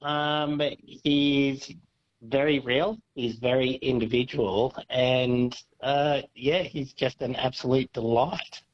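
A man's voice: mid-range voice, steady tone, takes it slowly. A man chatting casually on radio, easygoing and enthusiastic. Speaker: radio guest. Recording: dull lo-fi line.

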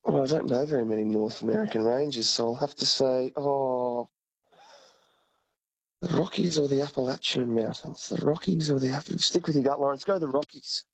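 A man's voice: mid-range voice, normal speed, husky, no room sound, poor audio. A man calling in to a radio quiz, thinking aloud in a thoughtful way before he answers. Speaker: radio caller. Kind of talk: casual talkback call.

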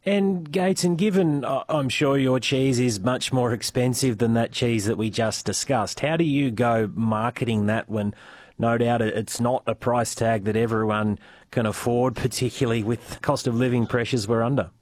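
A man's voice: mid-range voice, fairly even intonation, normal speed, darkish tone, no echo. A man hosting a rural radio show, asking questions conversationally and wrapping up the program. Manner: conversational, asks long questions. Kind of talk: radio interview and show wrap-up.

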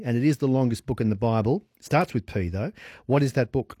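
A man's voice: medium pitch, brisk, mellow, breathy edge, dry recording, clean studio sound. A man hosting a radio quiz, chatty and upbeat, often laughing.

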